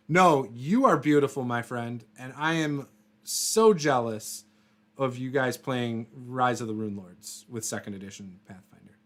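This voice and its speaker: A man hosting a relaxed livestream chat about tabletop games, with a voice of ordinary middle pitch. He rambles and laughs often, with fillers and false starts, and drifts from point to point as he reacts to viewers. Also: moderate pace. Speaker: host of a tabletop RPG livestream. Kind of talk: casual livestream chat, reading viewer comments.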